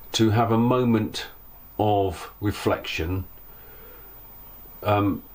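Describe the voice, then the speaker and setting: A middle-aged man casually reading an on-this-day list on his channel, breaking off into chatty asides and self-corrections. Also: lowish voice. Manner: chatty, reads then adds personal asides and self-corrections. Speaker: vlogger hosting a Q&A.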